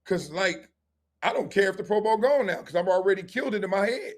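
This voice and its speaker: A man, hosting a livestream and telling lively stories, acting out voices and laughing often. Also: sits high, fairly quick. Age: 50s. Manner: animated storyteller, acts out voices, laughs often. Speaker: show host. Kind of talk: livestream storytelling and chat.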